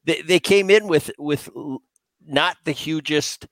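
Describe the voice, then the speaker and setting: A man's voice: a little high, a little slow, a bit bright, no echo. A man co-hosting a baseball podcast, a former player who talks in a casual, emphatic way and often repeats himself as he restarts. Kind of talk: casual sports talk.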